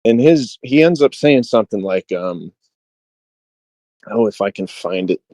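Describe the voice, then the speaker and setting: Low-voiced man casually reading book passages. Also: lively intonation, a little slow, mellow, dry recording, rough recording. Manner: conversational, many fillers, reads quotes with light dramatic emphasis. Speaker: podcast co-host.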